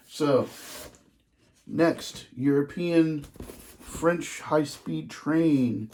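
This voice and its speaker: A man showing off his model trains in a casual vlog, gushing with excitement and dropping into hushed asides. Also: mid-range voice, takes it slowly, pauses often, slight background noise.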